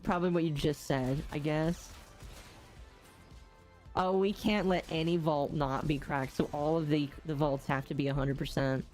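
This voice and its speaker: Low-voiced giggly woman streamer. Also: fairly even intonation, moderate pace, darkish tone, soft background music. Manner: giggly, frank, teasing. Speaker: streamer host. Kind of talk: casual chat while gaming.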